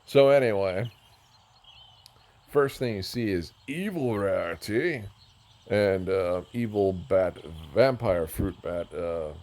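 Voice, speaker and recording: A man's voice: deep voice, darkish tone. A man giving casual, rambling commentary while touring a game world, joking at himself and going off on tangents. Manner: rambling, self-mocking, easily sidetracked. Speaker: gamer touring a build.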